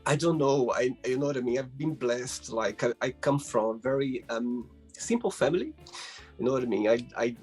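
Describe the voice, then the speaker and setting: Male host, husky tone, faint music underneath, effusive and gushing on a video call. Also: mid-range voice, expressive, moderate pace, darkish tone. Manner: emotional, effusive, many fillers. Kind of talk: casual interview chat.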